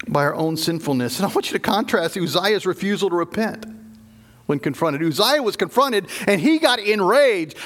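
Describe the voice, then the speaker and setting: A man preaching a sermon, dramatic, dropping to low hushed tones for emphasis and acting out the voices he quotes. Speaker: pastor.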